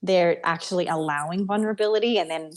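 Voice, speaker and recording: A woman co-hosting a casual wellness podcast, giving calm, practical advice. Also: lowish voice, quick pace. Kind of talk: casual chat.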